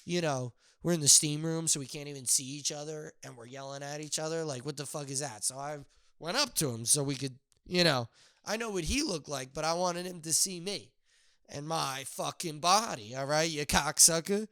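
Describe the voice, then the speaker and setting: Profane rambling man, bright gravelly voice. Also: fairly quick, no room sound, clean studio sound. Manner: profane, rambling, shouts a catchphrase in a high strained voice. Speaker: podcast host. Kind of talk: solo podcast rant. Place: outdoors near his house.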